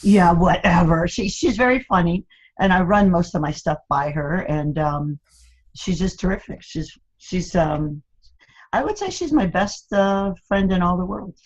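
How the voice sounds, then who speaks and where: Older woman, interview guest, low-pitched, laughing anecdotal delivery, muffled lo-fi sound. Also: a little slow. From United States, Cuban American family. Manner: laughs often, animated storytelling with playful teasing. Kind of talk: candid conversational interview.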